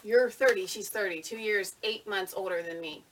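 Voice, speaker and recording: A twenty-eight-year-old woman answering questions in a comedy sketch, with a dry, deadpan delivery. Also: medium pitch, normal speed, slight background noise. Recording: distant mic with faint clicks, old web video.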